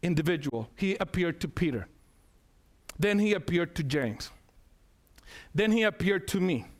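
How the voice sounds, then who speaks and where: A man's voice: high-pitched, animated, measured pace. A man preaching an emphatic sermon, calling out to the congregation and repeating key phrases for weight.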